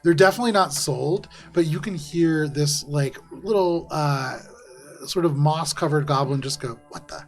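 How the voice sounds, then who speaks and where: A man's voice: a little high, normal speed, over music. A man running a live tabletop game as dungeon master, narrating in a loose, laughing style full of fillers. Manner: lively, laughing, many fillers like "like".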